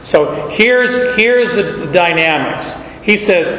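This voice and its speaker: A pastor giving an expository sermon in a conversational way, explaining with asides and repeating words as he goes. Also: unhurried. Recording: echoey hall, dull sound, faint rumble.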